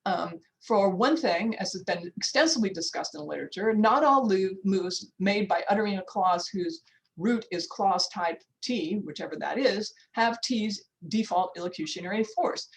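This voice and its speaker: A woman's voice: mid-range voice, lively intonation, measured pace, low-quality recording. An older woman professor lecturing on linguistics over a video call, informal and chatty, with frequent restarts and asides. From United States. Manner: frequent restarts, checks the time aloud. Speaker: linguistics professor giving a workshop talk. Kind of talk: academic lecture.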